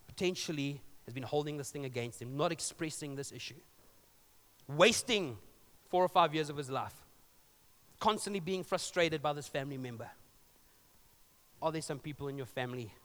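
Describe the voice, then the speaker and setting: Male pastor, sermon, high voice, chatty storytelling with jokes, long hall reverb. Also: fairly bright tone. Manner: conversational storytelling with joking asides.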